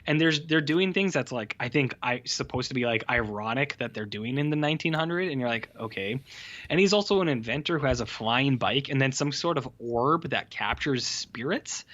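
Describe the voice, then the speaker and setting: A man's voice: mid-range voice, fairly bright tone, highs cut off. A man co-hosting a podcast, rambling and sweary as he sarcastically reviews a film in casual chat. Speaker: podcast co-host.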